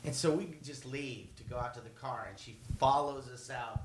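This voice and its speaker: A man telling a story with lots of swearing, dropping to mumbles and then bursting out loud with laughter. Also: mid-range voice, moderate pace, slightly rough. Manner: swings from mumbled asides to loud, laughing outbursts. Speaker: guest storyteller. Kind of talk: animated storytelling.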